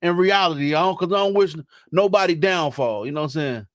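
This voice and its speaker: A man's voice: fairly high pitch, fast talker, no echo, studio quality. A young man chatting casually on a live stream, laughing and teasing in slangy talk.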